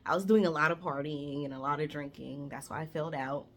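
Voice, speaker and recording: A deep-voiced woman around thirty tells a story on her vlog at a quick pace, chatty and animated, swearing freely and addressing her viewers directly. A little hiss or hum can be heard in the recording.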